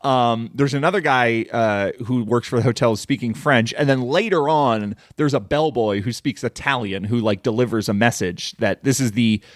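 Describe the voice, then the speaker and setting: A man's voice: medium pitch, normal speed, hardly any pauses, no room sound. Chatty, swearing man with a dry sound. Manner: rambling and conversational, swears freely, says "like" often. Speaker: podcast host. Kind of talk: casual film-review monologue.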